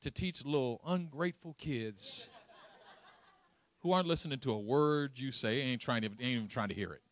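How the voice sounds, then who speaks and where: A pastor preaches a sermon full of humor, telling animated stories and laughing along the way. His voice is mid-range, at a normal speed.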